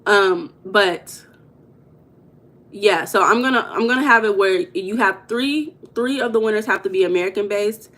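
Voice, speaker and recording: A woman hosts a casual livestream, chatting directly with her viewers and repeating herself along the way. Her mid-range voice is a bit bright, and she talks at a normal speed.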